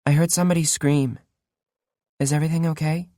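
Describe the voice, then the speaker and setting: A man's voice: fairly high pitch, fairly quick, no room sound, studio quality, voice pushed up, lightly acted. Man voicing a blank, toneless teenage girl. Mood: flat. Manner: flat, toneless, quiet.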